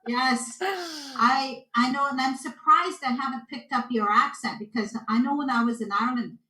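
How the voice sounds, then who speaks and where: A Canadian woman tells stories as a guest on a video call. She acts out quoted voices along the way. Her voice is bright and slightly high, and it echoes in the room. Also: moderate pace. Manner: animated storyteller, acts out quotes. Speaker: guest intuitive. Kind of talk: casual interview chat.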